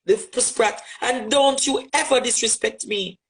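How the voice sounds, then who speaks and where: A man's voice: extremely high pitch, measured pace, creaky, low-quality recording. Impassioned Jamaican man, repeating phrases. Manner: forceful, rhetorical, repeats phrases for emphasis. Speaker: social media commentator. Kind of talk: impassioned direct address.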